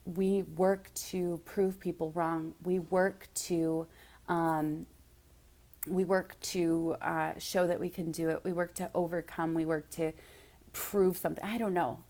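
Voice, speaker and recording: A woman's voice: lowish voice, flat delivery, slow, a little mellow. A woman giving a heartfelt, direct motivational monologue as a business coach, at times close to tears. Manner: emotional, near tears at times.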